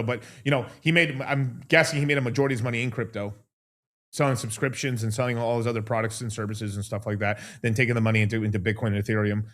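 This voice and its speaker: A man's voice: medium pitch, fairly bright tone. A man hosting a casual livestream, talking in a profane, rambling way and laughing often. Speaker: host.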